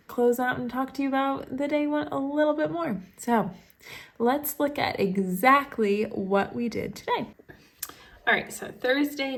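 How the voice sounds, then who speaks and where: A woman's voice: fairly high pitch, creaky, a bit bright. A young woman, a third grade teacher, chatting at home into a phone held up in front of her, gushing and full of "like"s and little laughs. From Maine, USA. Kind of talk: casual vlog chat to camera. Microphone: phone held up to the face.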